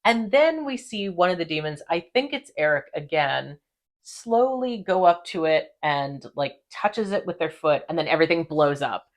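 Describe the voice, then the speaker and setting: A woman hosting a casual recap chat, animated and profane, laughing often. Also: lowish voice, moderate pace. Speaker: podcast host.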